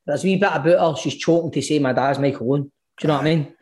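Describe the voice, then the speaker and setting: A Scottish man co-hosting a football podcast in casual chat, teasing and animated, swearing often. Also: a little high, rapid-fire. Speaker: podcast co-host.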